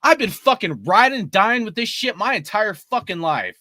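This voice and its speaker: A man's voice: sits high, very animated, moderate pace, pushed and bright, dry recording, clean studio sound. A man in his forties ranting about his team in a heated, profane way. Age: 40s. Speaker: sports fan commentator. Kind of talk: ranting fan commentary.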